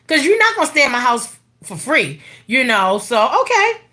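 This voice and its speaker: A middle-aged woman telling a personal story in a blunt, profane, animated casual rant. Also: high voice, normal speed.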